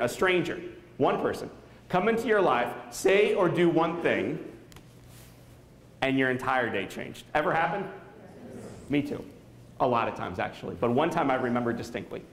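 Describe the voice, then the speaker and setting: Storytelling man in an echoey hall. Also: on the high side. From Saint Louis area. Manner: dramatic storytelling, quizzing the audience. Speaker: motivational speaker. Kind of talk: inspirational keynote speech. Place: school auditorium.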